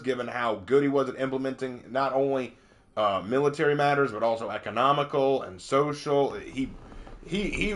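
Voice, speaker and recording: A man's voice: medium pitch, fairly bright tone. A young man streaming a game, chatting in a laid-back, joking way with a co-host. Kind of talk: casual gaming stream chat.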